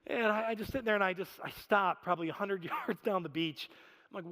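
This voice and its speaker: A man in his thirties preaching a sermon, telling stories in an animated, self-deprecating way with frequent laughter. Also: high voice, fast. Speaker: pastor. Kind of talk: storytelling sermon. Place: church sanctuary. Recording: reverberant church hall.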